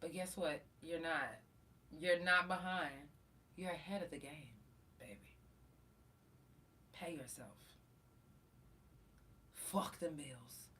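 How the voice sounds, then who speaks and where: Woman on her podcast, cussing and acting out the story, bright forceful voice, a bit far off the mic. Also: deep voice, slow pace, pauses often. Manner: profane, animated, acts out quotes. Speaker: podcast host. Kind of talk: casual storytelling.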